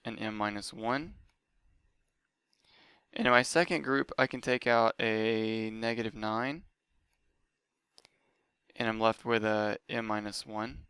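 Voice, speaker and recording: A man with a bright, crisp and very clear voice, explaining a lesson step by step. He talks in a patient, methodical way, recorded close and dry with no room sound. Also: medium pitch, no echo. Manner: methodical, talks through each step aloud. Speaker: math teacher. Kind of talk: lecture.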